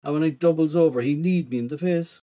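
A man with an Irish accent narrating a first-person story in a rough, slangy teenage voice. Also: fairly high pitch, fast, dark tone.

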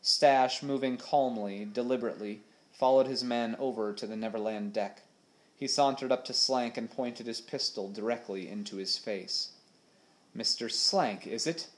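A man reading a children's adventure novel aloud with steady, expressive storytelling. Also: mid-range voice, normal speed. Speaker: audiobook narrator. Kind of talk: storybook narration.

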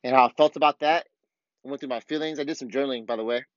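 A man's voice: medium pitch, racing, no echo, lo-fi sound. A man hosting his own podcast, ranting bluntly and heatedly in a casual monologue full of swearing. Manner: blunt, profane, fired-up ranting. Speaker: podcast host.

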